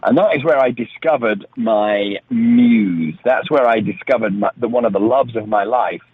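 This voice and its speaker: A man's voice: mid-range voice, moderate pace, husky. A middle-aged man from England, chatting as a guest in a phone-in radio interview. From northern England. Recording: tinny dry phone line.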